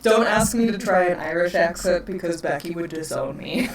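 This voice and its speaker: A woman's voice: fairly low pitch, normal speed, crowd noise. A woman with a Wisconsin accent, chatting and laughing as game master of a tabletop game. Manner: giggly, chatty, talks to her pets. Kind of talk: casual tabletop chat. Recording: echoey room, distant mic, faint noise.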